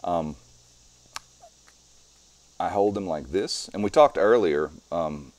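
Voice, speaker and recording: A man's voice: deep voice, takes it slowly, a little mellow. A middle-aged strongman guest talking casually in an interview, explaining his methods step by step as he demonstrates.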